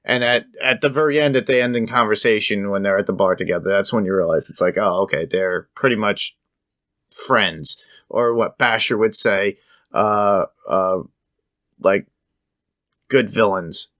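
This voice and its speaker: A man's voice: on the low side, moderate pace, fairly bright tone, no room sound, clean studio sound. A man co-hosting a podcast, talking about a film in an easygoing way and laughing often. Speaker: podcast co-host. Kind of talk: casual movie review chat.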